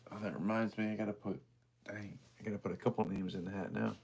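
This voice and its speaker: A man's voice: fairly low pitch, flat delivery, quick pace, gravelly, a little mellow, slight background noise. A man hosting a livestream auction, chatting casually and heartfelt with viewers, emotional and near tears as he thanks them by name.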